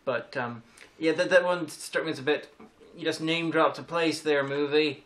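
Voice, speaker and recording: A man's voice: on the high side, steady tone, normal speed, fairly bright tone. A Northern Irish man chatting casually about a film, with wry, rambling asides. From Northern Ireland. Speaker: co-host. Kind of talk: casual film review chat.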